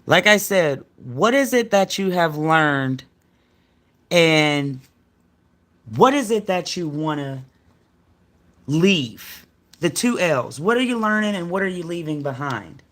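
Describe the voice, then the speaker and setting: A woman's voice: lowish voice, expressive, slow pace, pauses often, a bit bright. A middle-aged woman giving a casual tarot reading on a livestream, talking in a rambling, slangy, chatty way to her viewers. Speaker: tarot card reader.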